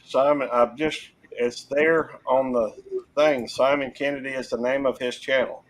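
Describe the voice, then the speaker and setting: A man's voice: mid-range voice, fairly even intonation, unhurried, poor audio. A man on a live stream panel, chatting casually with dry, teasing remarks. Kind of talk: casual chat.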